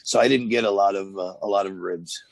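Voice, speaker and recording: Former wrestler in his fifties, low gravelly voice, chatty and rambling, dry close recording. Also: fairly even intonation, a little fast, no room sound. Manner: rambling storyteller, many fillers and restarts. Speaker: interview guest, former wrestler. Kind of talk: casual shoot interview.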